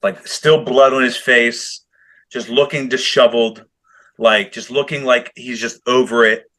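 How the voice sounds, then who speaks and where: Man, podcast co-host, bright forceful voice, animated, swears freely, laughs a lot. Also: medium pitch, measured pace. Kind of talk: casual chat.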